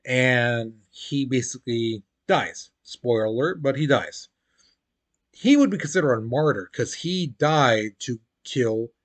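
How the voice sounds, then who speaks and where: A man teaching a history lesson in a casual, chatty way, full of "you know" and "basically", acting out quotes in playful voices. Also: medium pitch.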